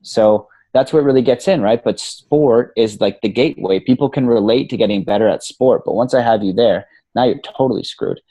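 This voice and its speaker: A man with a mellow, warm voice talks in a relaxed interview. He is animated and casual, tossing in swear words and "you know" all through. The sound is close and dry. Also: medium pitch, fairly quick, hardly any pauses, dry recording. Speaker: podcast guest, coach.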